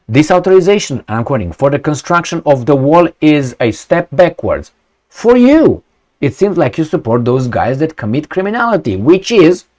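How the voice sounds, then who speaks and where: A man reading out a news story and commenting on it, blunt and sarcastic, swearing, asking rhetorical questions and stumbling through fillers and restarts. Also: on the high side. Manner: halting, many fillers and restarts.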